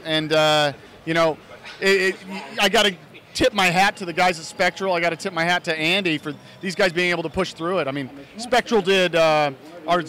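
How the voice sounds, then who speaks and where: A man's voice: high-pitched, bright, forceful tone. An American man, an actor and fan filmmaker, talking earnestly and at length in a casual interview, often restarting his phrases. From United States (Idaho).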